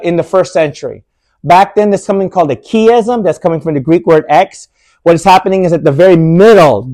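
Give me a man with a high-pitched voice preaching an emphatic sermon. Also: darkish tone. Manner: emphatic, rhetorical questions, slows down for stress.

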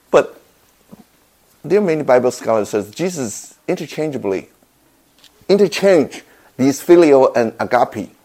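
Slow-speaking male pastor preaching. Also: mid-range voice, darkish tone. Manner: slow, halting delivery with repeated words and non-native grammar. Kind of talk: sermon.

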